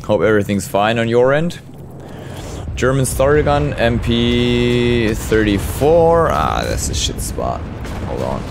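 A man's voice: medium pitch, very animated, slow pace, noisy background. A man streaming a war shooter, commenting on the action as he plays, swearing often and chatting with his viewers. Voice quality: swears often, talks to chat mid-game. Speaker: gaming streamer. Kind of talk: live gameplay commentary. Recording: game gunfire and explosions behind the voice. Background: gunfire and artillery from the game.

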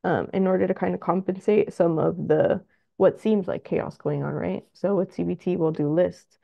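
A woman therapist talks parents through child behavior in a relaxed, conversational way, now and then acting out little scenes with kids. Her voice sits low with a gravelly fry. The sound is dry and a little dull. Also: moderate pace, no room sound. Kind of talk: presentation to parents.

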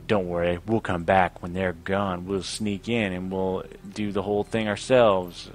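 A man's voice: sits low, level tone, unhurried. A young man giving casual let's-play commentary, sarcastically reading game dialogue aloud in a lightly raised voice. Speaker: gaming video host.

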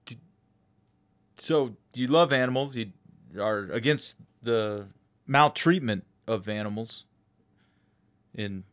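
A man hosting a podcast, asking questions in a calm, polite, deadpan way. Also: medium pitch, slow pace, pauses often, clear, resonant tone. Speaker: podcast host.

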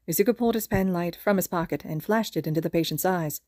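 A woman's voice: fairly low pitch, fast, no room sound, studio quality. A woman reading fan fiction aloud, narrating steadily as a podfic reader. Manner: steady, plain storytelling.

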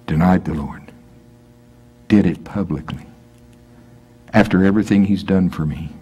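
A man's voice: deep voice, measured pace, dark tone, husky, highs cut off. A man preaching a sermon in a church, reading scripture aloud and explaining it conversationally, acting out the speakers' lines. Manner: conversational, acts out voices, breaks into laughter.

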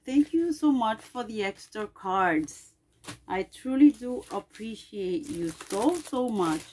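A woman's voice: mid-range voice, darkish tone. A middle-aged woman vlogger opening packages and gushing her thanks in casual unboxing chat.

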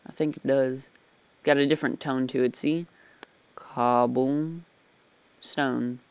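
Slow and steady, a smooth medium-pitched male voice comes through a dry recording. He's a let's play gamer offering casual, rambling gameplay commentary, and he gets startled easily.

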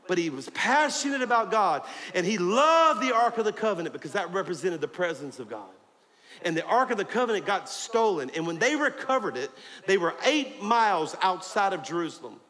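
A middle-aged man, preaching a sermon in a fired-up way, rising to shouts. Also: high-pitched. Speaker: pastor. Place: large church auditorium. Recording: hall reverb with faint crowd and noise. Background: congregation.

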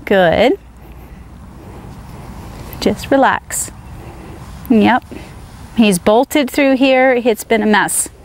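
A woman's voice: fairly high pitch, very slow, long pauses, a little hiss or hum. A woman horse trainer giving a riding demonstration outdoors, firmly coaxing her horse with short praise while explaining to viewers.

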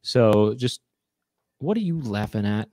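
Guy playing a loud brash drill sergeant hyping a crowd, quick patter, dry mic. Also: on the low side, expressive, dry recording.

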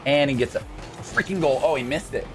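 A man hosting a gaming video, giving live gameplay commentary in an excitable way that jumps from calm chatter to high yelps. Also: brisk, faint music behind.

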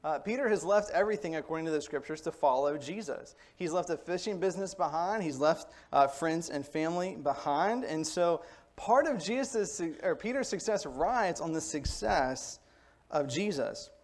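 A man's voice: a little high, animated, normal speed. Conversational male preacher giving a sermon. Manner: conversational, explanatory, asks the congregation "okay?". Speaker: pastor. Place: church.

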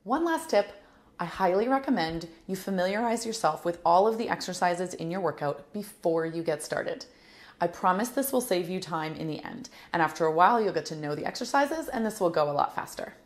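A woman's voice: lowish voice, expressive, a little fast. A woman giving a cheerful, encouraging walkthrough of a fitness app's features. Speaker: app tour presenter. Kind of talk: upbeat app walkthrough.

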